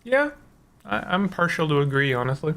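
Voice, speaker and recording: A man's voice: a little high, very animated, normal speed, gravelly, a bit bright. A man giving casual, rambling commentary while playing a video game, joking at his own expense. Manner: rambling, self-mocking jokes, laughs often.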